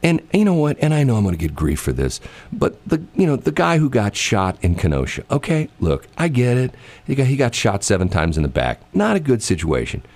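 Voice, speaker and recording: A man hosts a casual talk show in casual chat, rambling and sprinkling in "you know" and "I mean," and he acts out quoted voices while telling stories. His medium-pitched, slightly mellow voice swoops wildly in pitch at a slightly fast pace.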